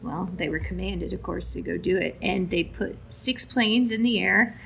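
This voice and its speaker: Gravelly-voiced woman telling a story. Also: lowish voice, moderate pace, a little hiss or hum, low-quality recording. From Alaska. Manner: animated retelling with quoted dialogue. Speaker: storyteller for a veterans' flight charity. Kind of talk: casual spoken storytelling.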